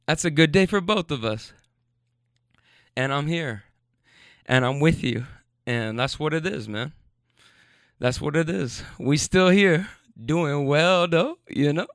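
A man's voice: a little high, slow pace, pauses often, a bit bright, no room sound. Tipsy guy hosting late at night, laughing, repeating himself, dry studio sound. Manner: loose, laughing, repetitive and sentimental. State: a bit tipsy. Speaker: podcast host. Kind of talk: late-night rambling monologue.

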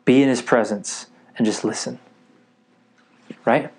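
An eager man preaching a sermon to a gathered group. He keeps pausing to ask whether his listeners are with him. His voice sits at an ordinary male pitch. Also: steady tone, a little mellow, breathy edge. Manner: eager, keeps checking in with the audience.

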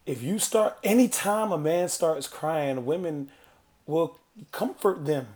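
A fairly high-voiced man holds forth in loose podcast banter. He presses his point over and over, insistent and emphatic, often laughing mid-argument. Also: takes it slowly, darkish tone. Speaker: podcast co-host.

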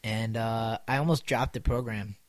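A man's voice: on the low side, steady tone, moderate pace, dry recording. A man in his twenties, a guest on a podcast, telling loose, profane stories and acting out what people said. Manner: loose storytelling, swears freely, acts out quotes. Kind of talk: casual podcast chat.

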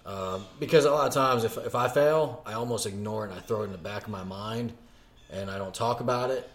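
Male podcast host, casual interview, low voice, halting, lots of um. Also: echoey room. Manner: hesitant, restarts phrases with many "um"s.

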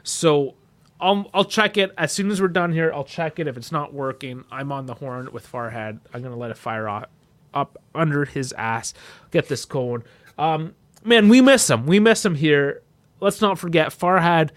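A man co-hosting a casual podcast, talking in an animated way that jumps loud and high when he gets excited. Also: moderate pace, no echo. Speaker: podcast co-host.

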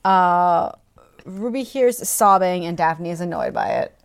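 A woman's voice: fairly low pitch, unhurried, creaky, clear, resonant tone. A woman co-hosting a casual chat, making wry, profane comments on a story. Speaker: podcast co-host. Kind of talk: casual chat recapping a novel.

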